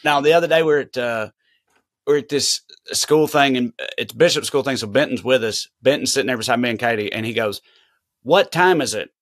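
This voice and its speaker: A man's voice: mid-range voice, fairly even intonation, fast talker, no echo, studio quality. A man with a Southern American accent, a comedian hosting a podcast who tells loose, profane anecdotes in casual chat. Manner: laid-back, profane anecdote teller.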